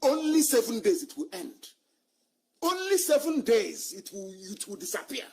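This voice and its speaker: A man giving an impassioned live broadcast address as a movement leader, fiery and scornful, swinging between loud outbursts and low muttering. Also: breathy edge.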